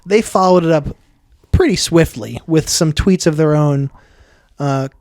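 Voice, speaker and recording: A man's voice: fairly high pitch, measured pace, a little mellow, no room sound, clean studio sound. Wry male podcast co-host. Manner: wry, reads news items aloud with asides. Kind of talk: casual podcast banter.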